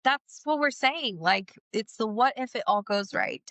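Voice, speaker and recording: A woman's voice: on the high side, expressive, measured pace, a bit bright, no room sound. A woman co-hosting a podcast in casual chat, earnest and reflective. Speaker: podcast co-host.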